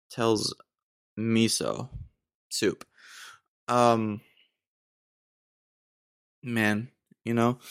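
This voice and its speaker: A low-voiced American man rambles through a solo podcast rant. He digresses often and sounds mock-exasperated. The sound is dry and close, with no room around him. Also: no echo. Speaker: podcast host.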